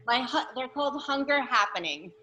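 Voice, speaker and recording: Bright-voiced chatty woman author. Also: high-pitched, expressive, lo-fi sound, a little hiss or hum. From New York, USA. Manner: chatty and joking, with quick self-corrections. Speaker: guest author. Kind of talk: casual talk at the end of an online Q&A.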